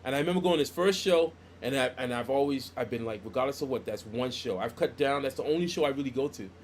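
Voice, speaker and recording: A man's voice: medium pitch, fast. A middle-aged man with a mid-range voice, telling stories as a comic artist guest on a casual podcast. He acts out what people said to him, with faint noise in the background. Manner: animated storyteller who acts out quoted dialogue.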